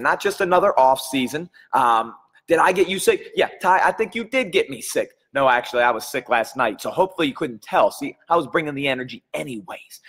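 A man's voice: on the high side, husky. Upbeat man live-streaming in a reverberant room. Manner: energetic, chatty, shouts out viewers by name. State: under the weather. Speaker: coach hosting a live stream. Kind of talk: live-stream chat with viewers.

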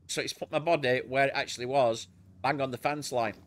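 A man's voice: medium pitch, fairly even intonation, a crowd in the background. A man with a Sheffield accent chatting loosely while streaming a game, bantering and swearing. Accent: Sheffield English. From Sheffield, England. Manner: banter, swearing, quick exclamations. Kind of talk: casual gaming chat.

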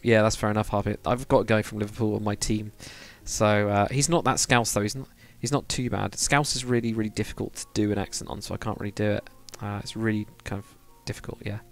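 A man chatting casually and rambling to viewers on a live stream, with many fillers. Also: on the low side. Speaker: live streamer, game builder.

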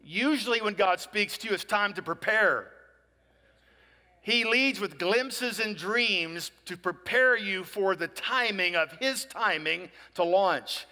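A man's voice: sits high, takes it slowly, sharp tone, in a large hall. A male pastor giving a conversational sermon, often asking "right?" and acting out both sides of conversations. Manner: conversational, asks "right?" often, acts out people in dialogue.

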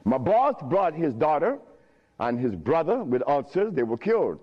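Man, fairly high voice, storytelling lecture, emphatic, chuckling, nonstandard grammar, muffled old recording. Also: sing-song, unhurried, a little mellow.

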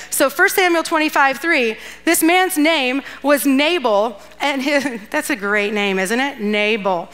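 A woman's voice: sits high, bright, forceful tone, clean tone. A woman giving a casual, playful sermon, retelling a Bible story with asides and acted-out lines. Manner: chatty and playful, acting out characters with asides and laughs. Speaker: guest speaker at a church youth event.

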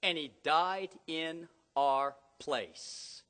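A middle-aged man preaching a sermon in a church, telling stories dramatically and rising to loud emphatic peaks. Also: a little high, extremely slow. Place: church hall. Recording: long hall reverb.

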